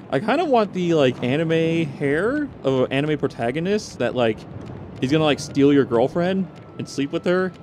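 A man giving loud, excitable commentary while playing a video game, full of exclamations and laughter. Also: on the high side, measured pace, background noise. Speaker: gaming streamer. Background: game music.

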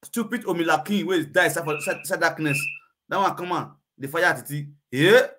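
A man's voice: a little high, fairly quick, fairly bright tone, slight background noise. A man with a Nigerian Pidgin accent hosting a live video chat, ranting emphatically and repeating himself. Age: adult.

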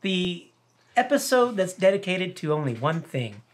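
A man's voice: high-pitched, sing-song, moderate pace. A man co-hosting a whiskey review, talking in a loose, joking way. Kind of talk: casual tasting chat.

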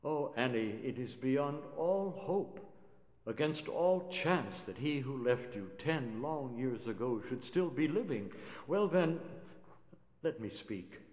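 A man's voice: medium pitch, animated, slow pace, darkish tone. A man reciting poetry and voicing a humble, lovesick grown man who pleads earnestly and solemnly. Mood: earnest pleading. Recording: roomy hall reverb.

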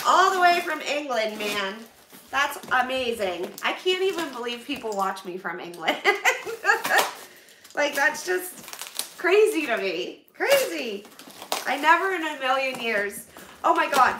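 A woman's voice: sits high, far from the mic. A woman in her thirties chatting on a livestream as she opens donation boxes, bubbly and exclaiming often. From Pennsylvania, USA. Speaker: vlogger opening donations on a livestream. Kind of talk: casual livestream chat. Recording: echoey room, voice away from mic, background noise.

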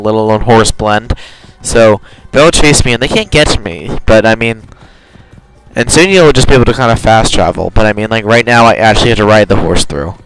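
In a low-quality recording with slight background noise, a young man with a low voice gives casual let's play commentary. He's talkative and wanders, often fixing what he just said.

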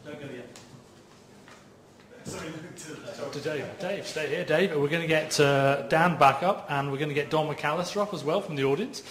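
A man's voice: on the high side, moderate pace, long pauses, a bit bright. A man hosting a live event and calling people to the stage, cheerful with hesitant fillers. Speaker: event host. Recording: echoey room, off mic.

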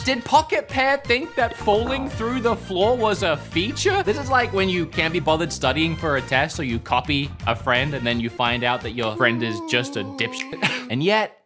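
Brief: young Australian man, comedic host, lively sarcastic delivery, soft music bed. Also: high-pitched. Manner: sarcastic, jokey rants. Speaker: gaming YouTube host. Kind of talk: comedic video commentary.

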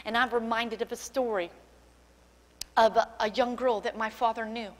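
A woman pastor preaches with fervent conviction, her fairly high voice swelling toward cries at the peaks. A long reverberation of the church hall trails behind every phrase. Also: steady tone, moderate pace. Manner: impassioned preaching, voice rising to cries in acted quotes. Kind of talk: sermon. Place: church sanctuary.

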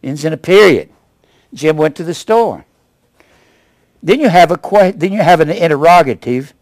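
An older male pastor in his seventies delivers a sermon with a wide-swinging, animated voice. He punches key words loudly, then drops to low, quiet asides. The sound is close and dry. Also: normal speed, no echo. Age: 70s. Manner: emphatic preaching, rising to loud punches then dropping low.

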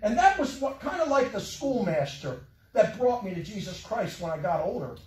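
A man preaching a sermon, telling a personal story with emotion, his voice dropping soft and rising again. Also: high voice, big pitch swings, normal speed, roomy sound, far from the mic, rough recording. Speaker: pastor. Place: church sanctuary.

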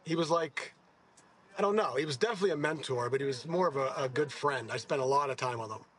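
With a mid-range voice and a fast delivery, a man in his sixties who plays golf spins rambling anecdotes during a relaxed interview. He's lively about it, often stopping to correct himself.

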